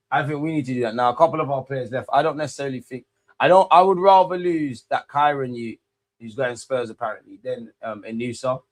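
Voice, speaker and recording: A man, rambling through casual live football watch-along commentary with slangy banter. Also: medium pitch. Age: 30s.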